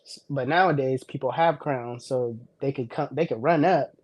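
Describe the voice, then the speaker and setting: A man's voice: medium pitch, normal speed, dry recording. A man, a regular on a casual talk stream, trash-talking with brash confidence and repeating his lines for emphasis. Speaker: hair brushing competitor and show regular. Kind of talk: boastful casual chat.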